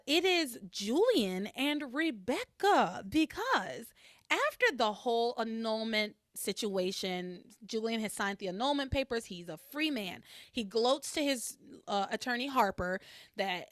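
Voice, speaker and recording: Podcast host, woman, lively swooping pitch, dry close sound, swears a lot. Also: measured pace, no echo. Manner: animated, expressive, swears freely. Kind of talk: casual chat.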